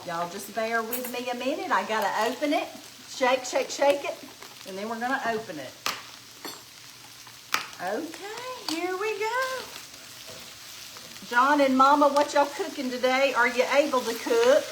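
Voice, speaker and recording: A woman's voice: fairly high pitch, animated, moderate pace, noisy background. Folksy Southern woman chatting while cooking. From Alabama. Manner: folksy, chatty, reads viewer comments aloud. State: tired. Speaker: cooking show host. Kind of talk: live cooking stream, chatting with viewers. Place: home kitchen.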